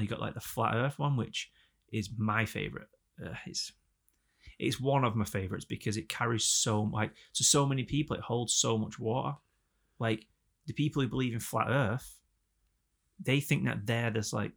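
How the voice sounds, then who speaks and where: A young man co-hosting a podcast, rambling in a sweary, animated casual chat. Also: mid-range voice, creaky. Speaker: podcast co-host.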